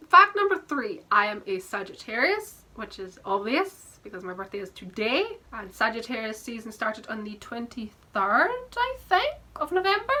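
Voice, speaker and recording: Bubbly young Scottish woman, bright voice. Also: fairly high pitch. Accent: southwest Scottish, softened. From Scotland. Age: 20s. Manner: bubbly, rambling and self-mocking, laughs often. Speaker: book vlogger. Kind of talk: casual chat to camera.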